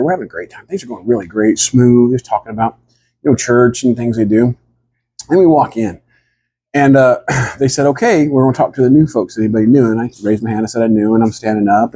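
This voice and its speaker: A man telling a rambling comic story in a deadpan, drawling way and acting out what the others said. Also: medium pitch, slightly rough. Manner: drawling, rambling, acts out the other people's lines.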